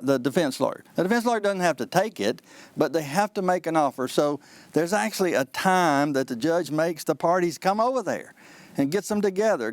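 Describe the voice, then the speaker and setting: A trial lawyer calls in to explain how trials work, acting out courtroom exchanges in a folksy, animated way. His voice sits on the high side, with no room sound.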